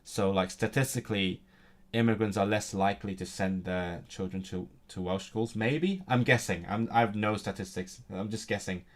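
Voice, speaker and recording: A man in a casual online language lesson, halting and full of restarts as he searches for words, with bursts of excitement about grammar. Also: fairly low pitch.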